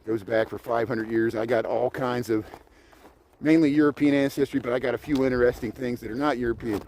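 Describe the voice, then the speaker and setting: A man's voice: mid-range voice, steady tone, brisk, darkish tone, slight background noise. An American man rambling casually while he livestreams a walk outdoors through city streets, talking to his viewers as he goes. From United States. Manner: chatty, digressive, talks while walking.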